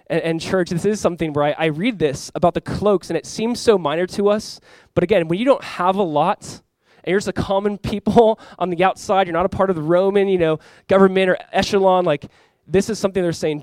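A male pastor preaching a sermon in a conversational, animated way, acting out the quotes of the people in the story. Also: a little high, fast, dry recording.

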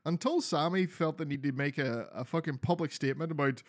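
A man's voice: on the high side, brisk, no room sound. Sweary Scottish man, dry close sound. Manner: sweary, animated and laughing. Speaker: podcast co-host. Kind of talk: casual chat.

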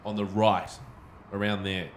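A man's voice: fairly low pitch, level tone, measured pace, a little hiss or hum. A man co-hosting a podcast, chatting casually and hedging his claims. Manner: easygoing, hedging. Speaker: podcast co-host. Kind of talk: casual chat. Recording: echoey room.

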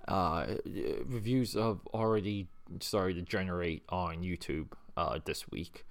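A man's voice: low-pitched, measured pace, no room sound. A man hosting a casual solo chat show, rambling and hesitant, with many fillers and restarts, sounding a little hungover. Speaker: podcast host.

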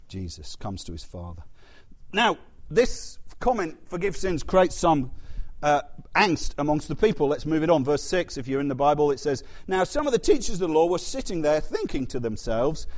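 A man preaching a sermon in an animated, conversational way, with asides and questions to the congregation. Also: mid-range voice.

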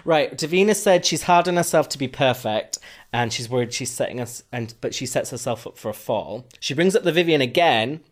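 A man's voice: medium pitch, animated, fairly quick. A man co-hosting a podcast, chatting casually with sarcastic, rambling jokes. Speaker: podcast co-host. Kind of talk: casual recap chat.

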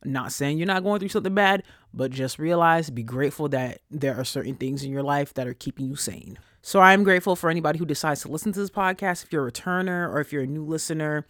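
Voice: fast, few pauses, fairly bright tone, dry recording. Solo podcast host, young adult, blunt sassy ranter with a mid-range voice, dry close sound. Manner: blunt, profane and sassy, with big swings in pitch. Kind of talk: casual ranting monologue.

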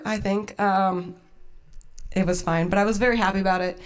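A woman's voice: medium pitch, steady tone, moderate pace, smooth. Self-mocking young woman telling a story. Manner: casual, self-deprecating, laughs often. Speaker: host of a storytelling night. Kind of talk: live personal storytelling.

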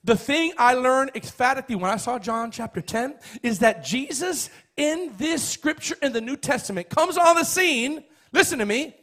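A man preaching a sermon, emphatic and repetitive, building up to shouts. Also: very high-pitched. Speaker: pastor.

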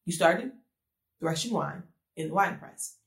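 A woman's voice: fairly low pitch, expressive, measured pace, creaky. A woman giving a conversational sermon, earnest and full of rhetorical questions. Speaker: speaker giving a devotional message. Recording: echoey room.

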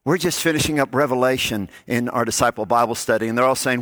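A man preaching a sermon, telling stories and dropping to soft, low tones on key lines. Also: brisk, hardly any pauses, no room sound. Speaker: pastor.

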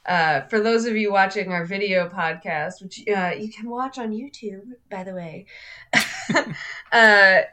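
A woman's voice: mid-range voice, unhurried, sharp tone. A woman co-hosting a film podcast in casual chat, chatty and laughing often. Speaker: podcast co-host.

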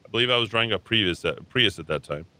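Tired, combative low-voiced male radio host. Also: fast talker. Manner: blunt, combative, repetitive ranting. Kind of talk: ranting political talk radio monologue. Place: radio studio. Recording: steady keyboard typing and clicks behind.

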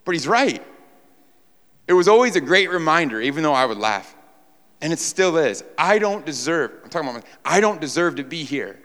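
A man from New York preaches a sermon to a congregation in a church sanctuary, emphatic, repeating his phrases, and posing rhetorical questions. His fairly high voice is sing-song, a bit bright, and a little fast, with the long reverb of a large hall.

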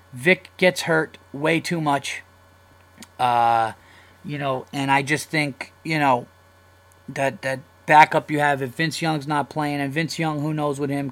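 Profane, rambling New podcast host. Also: male voice, medium pitch, a bit bright. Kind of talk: casual solo podcast rant.

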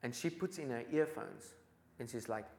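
A man from Africa, telling an animated testimony as a preacher and acting out the dialogue. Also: mid-range voice, normal speed, vocal fry, roomy sound. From South Africa. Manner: excitable storyteller who acts out dialogue.

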